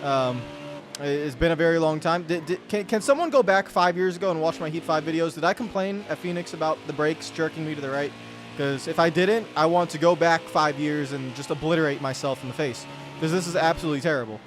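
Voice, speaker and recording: A man on a fairly high voice, talking through a racing game as he plays it. He rambles, restarts his sentences and works himself up into exasperated rants. Game music plays clearly underneath. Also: fairly quick. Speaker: gaming channel host. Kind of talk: live gameplay commentary. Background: game music and car engine sounds.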